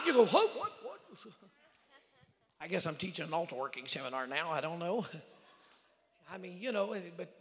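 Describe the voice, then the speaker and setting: A male evangelist preaching a lively Pentecostal sermon, sliding from hushed asides to hollered, drawn-out shouts and acting out scenes. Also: high-pitched, gravelly. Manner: animated, acts out scenes. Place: church sanctuary. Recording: long church reverb.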